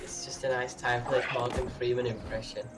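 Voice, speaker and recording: A man's voice: medium pitch, little pitch movement, brisk, over loud music. A man co-hosting a live game stream, reading out the chat and teasingly pushing his friend. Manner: teasing, pushy, eager. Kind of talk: casual live stream banter.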